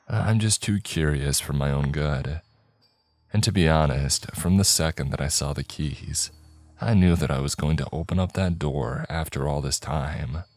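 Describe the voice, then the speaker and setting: A man narrating a horror story in a slow, measured storytelling voice. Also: a bass voice, a little mellow, dry recording. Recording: dry close mic, faint background music.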